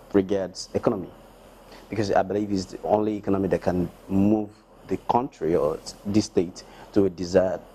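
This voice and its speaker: Mellow low man interviewing. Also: slight background noise, poor audio. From Nigeria. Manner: long winding questions. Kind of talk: interview questions.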